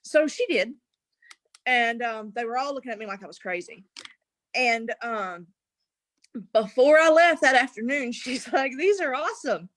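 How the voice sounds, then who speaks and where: A young adult woman appearing as an interview guest tells her story in a casual, animated way, acting out what others said and laughing often. Her voice is on the high side and unhurried, with long pauses, and there's no room sound.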